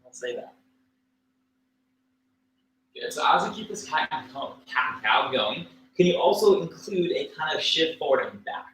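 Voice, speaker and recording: A man's voice: on the high side, moderate pace, long pauses. Casual man cueing a yoga class. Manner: relaxed, casual cueing with fillers and jokes. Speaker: yoga teacher. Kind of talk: livestreamed yoga class instruction. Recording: echoey room with faint ambient noise.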